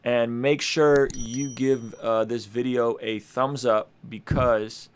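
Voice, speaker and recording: A man's voice: mid-range voice, fairly even intonation, slow pace, a little hiss or hum. A man hosting a casual music review stream, talking in a hyped, slangy way to his chat. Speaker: music reviewer and show host. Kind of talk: casual livestream commentary. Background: hip hop beats playing.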